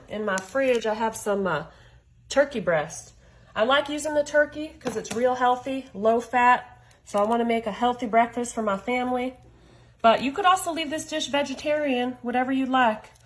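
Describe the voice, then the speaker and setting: A woman's voice: fairly high pitch, rough recording. A woman demonstrating a recipe in her home kitchen, talking in a chatty, folksy way straight to her viewers. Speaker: home cook. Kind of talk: cooking demonstration.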